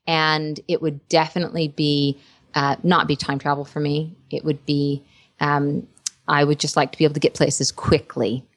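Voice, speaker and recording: A woman actress in casual interview chat, an animated storyteller who laughs often. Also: sits low, normal speed, dry recording. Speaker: actress and voice performer.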